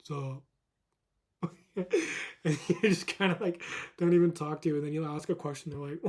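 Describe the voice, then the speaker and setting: Young man, husky voice, casual rambling rant, lots of swearing and laughter. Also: fairly high pitch, steady tone, moderate pace, darkish tone. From Calgary, Canada. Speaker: vlogger.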